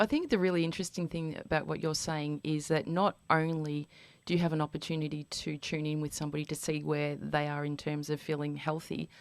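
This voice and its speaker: A woman hosts a radio interview and speaks reflectively and warmly to her listeners. Her voice is low for a woman. The sound is dry and close. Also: dry recording. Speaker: radio host.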